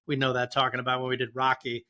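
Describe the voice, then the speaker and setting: Male co-host, sharp bright tone, runs the segments. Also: medium pitch, monotone, fast talker. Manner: leads the talk, passes to guests. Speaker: podcast co-host. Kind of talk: casual movie chat.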